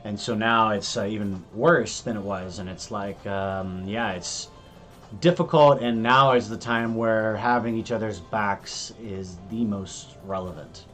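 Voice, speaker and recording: A man's voice: fairly low pitch, unhurried, a bit bright, faint music behind. A young American man co-hosting a casual live stream, who rambles, restarts his sentences and swears freely. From United States. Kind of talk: casual chat.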